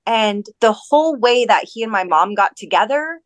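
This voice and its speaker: A woman in her thirties from North Dakota, a podcast guest telling a personal story in a chatty, animated way, full of "like" and quoted voices. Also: a little high, normal speed, no room sound. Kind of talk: casual storytelling.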